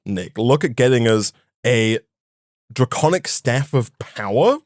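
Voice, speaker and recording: A young man chats through a modded game with his co-host. He lays out what to craft next and gives instructions, then slips into dry joking. His pitch rises and falls a lot, and the sound is dry and close. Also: lively intonation, measured pace, no echo. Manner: explains plans and hands out tasks, dry banter. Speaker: gaming channel co-host. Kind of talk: casual gameplay chat.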